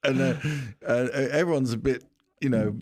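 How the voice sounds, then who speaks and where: A man's voice: mid-range voice, moderate pace, a little mellow, no echo. A man chatting casually on a podcast, telling anecdotes and laughing between lines. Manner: storytelling with acted quotes, laughing. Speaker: podcast guest. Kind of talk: casual chat.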